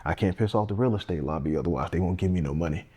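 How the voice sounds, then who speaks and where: A man's voice: low voice, racing, warm tone, breathy edge. A man, a candidate speaking earnestly and plainly in a casual interview, often restarting his sentences. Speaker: congressional candidate and firefighter.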